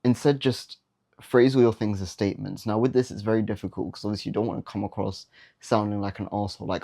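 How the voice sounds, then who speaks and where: A man's voice: fairly low pitch, fairly even intonation, fast talker, creaky, warm tone. A young man giving dating advice in a casual, blunt, slangy monologue, often mocking the habits he warns against.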